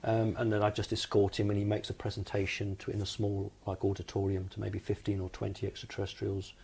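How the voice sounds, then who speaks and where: A man from the United Kingdom, calmly recounting his experiences as an interview guest in a matter-of-fact, explanatory way. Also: lowish voice, fairly quick, vocal fry, slightly rough.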